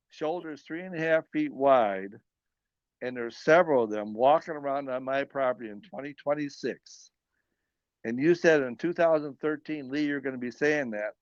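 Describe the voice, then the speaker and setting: A male farmer from northern Illinois tells a long story at an ordinary, mid-range pitch. He rambles and corrects himself as he goes. The sound is dry and a little dull. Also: dry recording. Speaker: guest, farmer. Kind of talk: casual storytelling.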